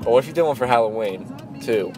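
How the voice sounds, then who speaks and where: A young man from New York talking in a car while music plays clearly behind him. He trades loose, profane podcast banter and laughs a lot. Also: medium pitch, expressive, quick pace, poor audio. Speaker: podcast co-host. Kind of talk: casual podcast chat. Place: parked car.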